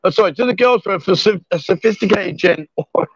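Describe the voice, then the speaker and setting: A man's voice: high voice, fairly quick, husky, no room sound, dull audio. A man hosting a live stream from a bar, joking and teasing as he reads viewer comments aloud between pool shots. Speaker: livestream host. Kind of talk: live stream chat while playing pool. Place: lively bar.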